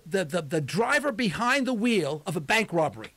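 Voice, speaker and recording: Impassioned high-voiced radio talk host. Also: male voice, sing-song, moderate pace, pushed and bright. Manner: impassioned, preachy, agitated. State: agitated, shouting. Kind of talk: political call-in radio talk.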